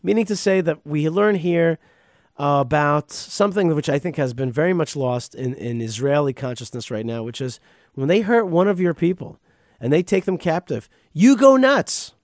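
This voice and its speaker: A man, a rabbi, teaching the weekly Torah portion in a casual, animated way, reading verses and then riffing on them with restarts and emphatic bursts. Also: fairly high pitch, moderate pace, dry recording, clean studio sound. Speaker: rabbi and podcast host.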